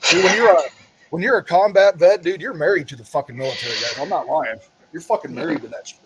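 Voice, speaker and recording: A man, a military veteran and podcast co-host, telling army stories in casual chat, swearing constantly and loudly mimicking officers. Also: a little high, fast talker, a crowd in the background, poor audio. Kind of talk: casual profane storytelling.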